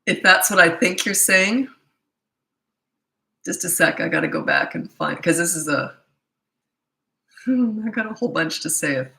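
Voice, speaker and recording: Blunt, bright-voiced middle-aged woman. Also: on the low side, animated, measured pace, creaky, pauses often, roomy sound, poor audio. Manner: blunt, incredulous, mocking, laughs often. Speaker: parenting coach answering viewer questions. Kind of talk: live Q&A, casual and blunt.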